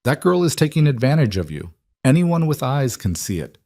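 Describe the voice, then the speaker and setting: A man's voice: mid-range voice, sing-song, normal speed, dark tone, no room sound, pitched above the performer's own voice, lightly acted. A man voicing a cold, snobbish older female shopkeeper in a western audio story, stiff and scornful.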